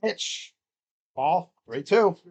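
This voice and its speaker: Young male streamer, casual live play-by-play, talks to his pet between pitches. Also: lively intonation, very slow. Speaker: sports streamer.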